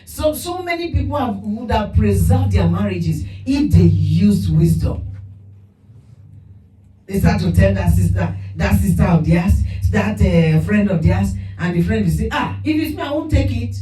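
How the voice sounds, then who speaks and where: A woman preaches a sermon in an animated way, breaking into laughter and acting out quoted voices. Her voice is mellow and sits back from the mic. An echoey room carries soft music behind her. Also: mid-range voice, unhurried, far from the mic.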